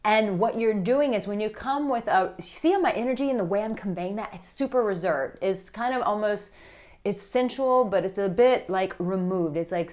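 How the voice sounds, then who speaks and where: A woman dating coach giving casual advice straight to camera, animated and blunt, with some swearing. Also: mid-range voice, moderate pace. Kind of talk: direct-to-camera advice vlog.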